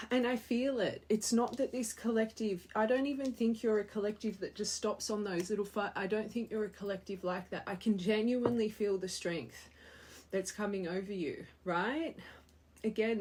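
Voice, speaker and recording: Earnest husky-voiced woman tarot reader. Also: mid-range voice, a little mellow. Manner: earnest, emotional, repeats phrases for emphasis. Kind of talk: spiritual tarot reading to viewers.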